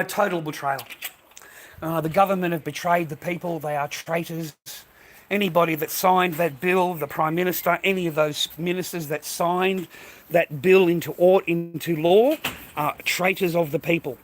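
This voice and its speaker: His voice sits on the high side as this Australian man rants bluntly and casually to his viewers, tacking "mate" onto his phrases and repeating himself. The audio is poor, with a little hiss or hum.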